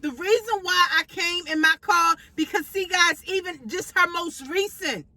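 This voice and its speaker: Bright-voiced woman ranting in a car. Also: extremely high pitch, measured pace, low-quality recording. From Baltimore, USA. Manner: confrontational, profane, repeats lines for emphasis. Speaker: vlogger. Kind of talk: ranting vlog monologue. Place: inside a car.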